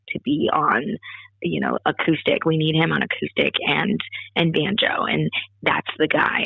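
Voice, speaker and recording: A woman's voice: low voice, gravelly, no echo. Chatty woman guest on a tinny line. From Wisconsin. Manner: chatty, animated storytelling with many fillers. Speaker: singer-songwriter guest. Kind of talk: casual interview chat. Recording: tinny phone-like dry call audio.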